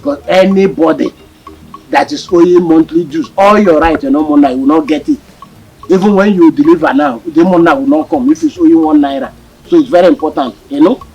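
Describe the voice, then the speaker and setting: An actor with a Nigerian accent playing a calm village man, secretary of the kin meeting, explaining dues with hesitant fillers. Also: fairly high pitch, a little fast, faint music behind, lightly acted, rough recording.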